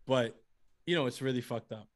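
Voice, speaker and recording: A man co-hosting a casual sports podcast, talking in an animated way, swearing casually and laughing often. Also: mid-range voice, a little fast. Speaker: podcast co-host.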